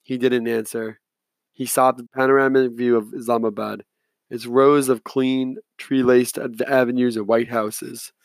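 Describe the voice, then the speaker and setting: A man narrating an audiobook in the first person, reading in a measured, steady way. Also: mid-range voice, dry recording.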